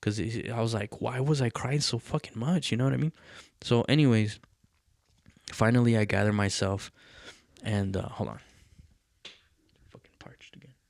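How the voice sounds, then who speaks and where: A man's voice: mid-range voice, normal speed, gravelly, pauses often, no room sound. A man hosting a podcast, telling a personal story in a candid, rambling way, full of fillers and swearing. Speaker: podcast host.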